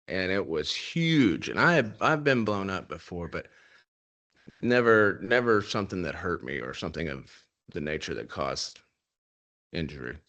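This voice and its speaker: A man's voice: low voice, fairly bright tone. A man, a military veteran, candidly telling a personal story with wry humor about grim events. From United States.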